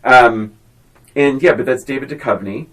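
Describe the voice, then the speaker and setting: A woman's voice: a bass voice, moderate pace. A woman co-hosting a podcast, chatting casually about a movie and acting out its lines. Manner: animated, acts out movie lines with big swings. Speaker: podcast co-host.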